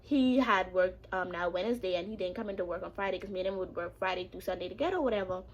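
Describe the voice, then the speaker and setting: A woman's voice: mid-range voice, fast, lo-fi sound. Sassy young woman telling a story. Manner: animated, sassy, swearing freely; talks back to an off-camera friend. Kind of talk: casual storytime vlog.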